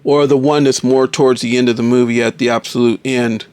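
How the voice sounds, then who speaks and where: A man's voice: mid-range voice, level tone, brisk, darkish tone, smooth, dry recording. A man casually reviewing a toy figure, enthusiastic and often calling viewers folks.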